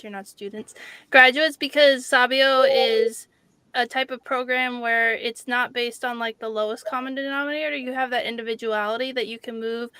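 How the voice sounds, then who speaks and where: Female host, higher pitch, smooth crisp tone, chatty. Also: pushed and bright, no room sound. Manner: upbeat, conversational, with "like" fillers. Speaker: interview host. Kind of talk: casual interview over video call.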